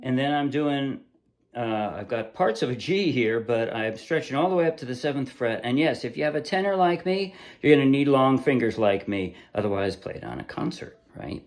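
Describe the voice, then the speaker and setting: A man teaching a ukulele song in a relaxed, casual way. He often stops to correct himself and apologize. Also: medium pitch, moderate pace, faint music behind. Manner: relaxed, self-correcting, apologizes when he slips. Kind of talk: casual tutorial explanation. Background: ukulele playing.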